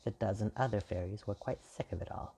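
A man reading a fairy tale aloud in an even, measured way. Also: lowish voice, vocal fry, a little hiss or hum. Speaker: storyteller. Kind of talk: scripted fairy-tale narration.

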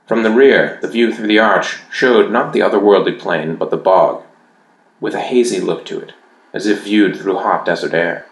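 A man with a fairly low voice reads a fantasy story aloud, measured and even. His voice carries a noticeable roominess, as if read in an echoey space. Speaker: audiobook narrator. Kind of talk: fantasy audiobook narration.

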